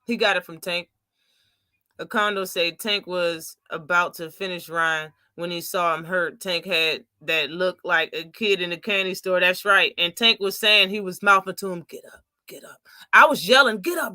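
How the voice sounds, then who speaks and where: A woman's voice: mid-range voice, sharp tone, dry recording, clean studio sound. A woman hosting a casual post-fight livestream, talking animatedly and profanely and mocking people with impressions. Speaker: boxing live-stream host.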